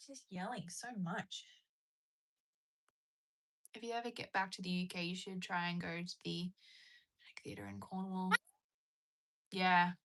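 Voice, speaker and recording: A woman's voice: lowish voice, flat delivery, a little slow, pauses often, a bit bright, a little hiss or hum. A young woman hosting a casual livestream from home, chatting and answering viewer comments. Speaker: livestream host. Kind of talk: casual live-stream chat.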